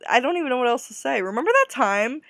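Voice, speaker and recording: A woman's voice: sits high, sing-song, fast, a bit bright, dry recording, clean studio sound. Giggly young woman gushing on a podcast. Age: young adult. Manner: gushing, giggly, self-deprecating. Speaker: podcast host. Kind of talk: casual solo podcast chat.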